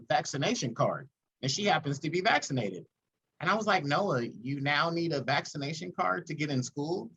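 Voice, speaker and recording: A man's voice: a little high, a little hiss or hum, poor audio. A man hosting a podcast in casual chat, telling a story earnestly and acting out the people in it. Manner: storytelling, earnest, animated retellings. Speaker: podcast host.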